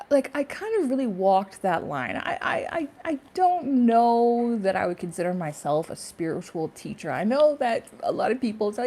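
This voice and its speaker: A woman's voice: on the high side, big pitch swings, moderate pace, hardly any pauses, mellow. A woman talking casually in a spiritual vlog, rambling with many fillers and laughing to herself. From Canada. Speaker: spiritual YouTuber.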